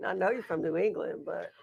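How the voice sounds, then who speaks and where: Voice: mid-range voice, creaky, breathy edge, highs cut off. A co-host of a live wrestling watch-along stream, chatting casually and teasing playfully.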